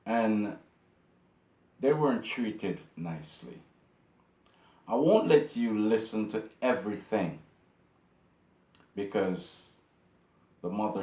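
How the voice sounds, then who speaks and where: A man's voice: on the low side, expressive, slow, pauses often, dark tone. Indignant man ranting in an echoey room. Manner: indignant, preachy, repeats himself. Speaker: YouTube channel host. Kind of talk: casual commentary monologue.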